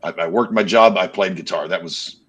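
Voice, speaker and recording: A man's voice: low voice, a little fast, a bit bright, breathy edge. A man co-hosting a casual podcast, talking hesitantly with many restarts and fillers. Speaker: podcast co-host. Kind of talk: casual chat.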